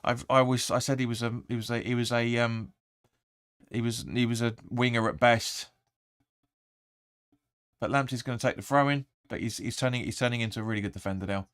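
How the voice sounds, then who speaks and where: A man hosting a live football watch-along, rambling through the play and sometimes shouting at the players. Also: mid-range voice, steady tone, fairly quick, smooth, dry recording. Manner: rambling, restarts often, erupts when urging players. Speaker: fan channel host.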